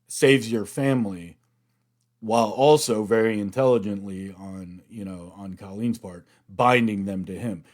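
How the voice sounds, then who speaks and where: An American man hosting a reaction video, chatting through an episode recap in an animated way. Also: lowish voice. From United States. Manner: chatty, animated retelling, acts out quotes.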